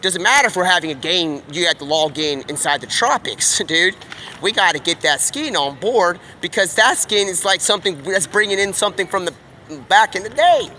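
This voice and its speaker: A man with a high, bright voice rambles on in casual slang, leaping from one idea to the next with excitable energy. He is outdoors, with faint street and vehicle noise behind him. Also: normal speed. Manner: excitable, slangy, jumps between topics. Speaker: live streamer. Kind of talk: rambling stream-of-consciousness monologue.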